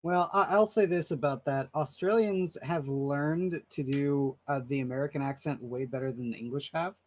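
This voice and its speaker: Slightly high-voiced man giving opinions. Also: moderate pace. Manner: opinionated, explaining. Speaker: co-host. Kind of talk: casual livestream chat.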